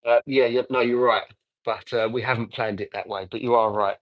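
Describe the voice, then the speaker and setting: A man's voice: mid-range voice, fairly even intonation, fairly quick, no echo, dull audio. An Englishman in his forties chatting casually on a livestream while detailing a car, rambling and answering viewer comments. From England. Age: 40s. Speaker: car detailer live-streaming.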